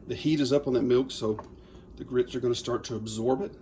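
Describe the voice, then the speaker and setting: A man's voice: medium pitch, steady tone, fairly quick, warm tone, a little hiss or hum. A man, chatting in a folksy, upbeat way while demonstrating a recipe in his home kitchen. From Louisiana. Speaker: cooking channel host. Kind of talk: casual cooking demo.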